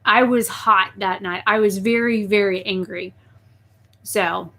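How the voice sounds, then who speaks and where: A young woman chatting casually on a live stream, reading viewer messages and telling stories with lively outbursts. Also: mid-range voice, unhurried, vocal fry. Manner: chatty, reads viewer messages, talks to her pet snake in a soft baby voice.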